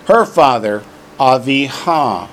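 Slow-talking male Hebrew teacher. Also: mid-range voice, lively intonation, fairly bright tone. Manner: slow, drawn-out drilling of words for repetition; joking asides. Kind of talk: classroom lesson.

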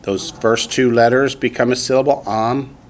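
A man with a Southern US accent teaching a language class in a classroom, drilling students slowly and patiently. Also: mid-range voice, steady tone, slight background noise. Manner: slow, patient drilling with repetition. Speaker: Hebrew teacher.

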